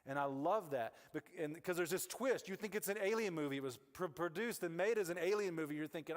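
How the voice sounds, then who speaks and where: A man's voice: a little high, a little fast, few pauses. Casual man preaching in a reverberant church hall. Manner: conversational, rambling with restarts and asides. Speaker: pastor. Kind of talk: casual sermon. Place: church sanctuary. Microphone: wireless mic.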